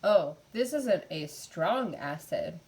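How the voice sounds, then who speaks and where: A woman's voice: fairly low pitch, lively intonation, takes it slowly, a little mellow. A woman teaching a college chemistry class in a casual, chatty way, with frequent filler words and laughing asides.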